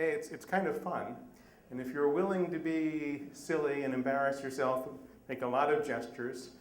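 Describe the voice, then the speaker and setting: A middle-aged man telling a personal story on a live stage, animated and self-deprecating. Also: fairly high pitch. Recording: echoey live room.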